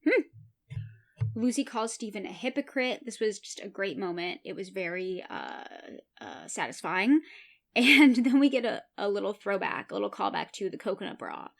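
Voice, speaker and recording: A woman hosting a podcast, retelling and reacting to a TV episode in an animated, chatty way. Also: mid-range voice, moderate pace, vocal fry. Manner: chatty, animated, laughs while retelling scenes. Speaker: podcast host. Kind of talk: casual episode recap.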